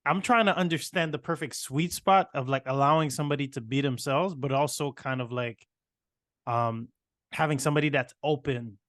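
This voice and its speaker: A man's voice: mid-range voice, fairly bright tone, dry recording, clean studio sound. A man hosting a podcast, asking searching questions with lots of hedging and fillers. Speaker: podcast host, coach. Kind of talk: casual interview talk.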